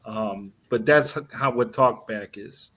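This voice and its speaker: Man, co-host, bright tone, slow pace, chatty, laughs often, video call. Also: on the low side. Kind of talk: casual conversation.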